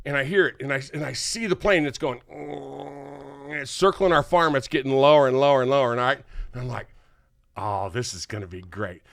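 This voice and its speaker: An older man, hosting a podcast and telling an animated, laughing story. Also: mid-range voice, fairly quick, gravelly, no room sound. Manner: animated, laughing, acts out quotes. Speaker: podcast host. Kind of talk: casual storytelling chat.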